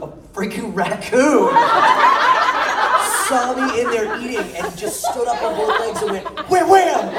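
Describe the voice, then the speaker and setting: Man telling stories at a fan panel. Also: very high-pitched. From rural area. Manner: playful, laughs through his stories. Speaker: convention panel guest. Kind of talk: animated storytelling at a fan panel. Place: large convention hall. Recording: echoey hall from far off, loud crowd noise.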